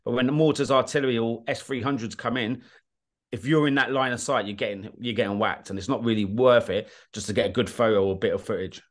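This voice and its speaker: A British man, a guest on an interview podcast, telling war stories in a blunt, animated way, swearing freely and often checking that the listener follows. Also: mid-range voice, fast. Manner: animated, blunt, swears, often asks "do you know what I mean". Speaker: guest, war documentary filmmaker. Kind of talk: casual interview storytelling.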